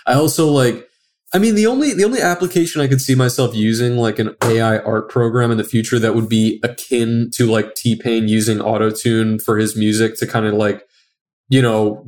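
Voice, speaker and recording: A man's voice: mid-range voice, fairly quick, darkish tone. Rambling guest man, loose and chatty. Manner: rambling, heavy on filler words. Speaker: guest comic artist. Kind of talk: casual podcast chat.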